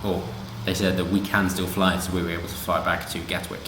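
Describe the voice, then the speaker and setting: A man's voice: deep voice, flat delivery, fairly quick, background noise. A man doing casual commentary on a news story, sarcastic and rambling with asides. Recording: roomy echo.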